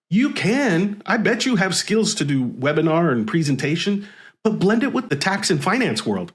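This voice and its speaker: A man reviewing sales messages to camera in an animated, wry and sarcastic way. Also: fairly high pitch. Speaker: marketing video creator.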